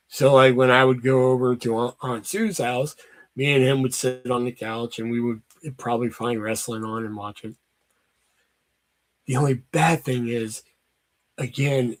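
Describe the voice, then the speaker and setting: A young man telling a rambling, profane story in a casual vlog, with lots of fillers. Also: medium pitch. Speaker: vlogger.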